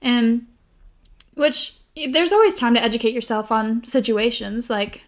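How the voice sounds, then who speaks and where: A woman's voice: fairly high pitch, expressive, measured pace. A young woman co-hosting a podcast, chatting casually in a rambling, giggly way with lots of "like". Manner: rambling, giggly, heavy use of "like". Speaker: podcast co-host. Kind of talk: casual chat.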